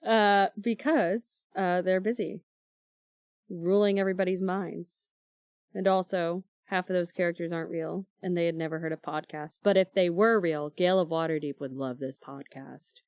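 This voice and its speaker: A young woman in her twenties co-hosting a casual book club podcast, animated and quick to act out quotes. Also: lowish voice, no echo, studio quality. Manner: animated, reads quotes in character voices. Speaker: podcast co-host.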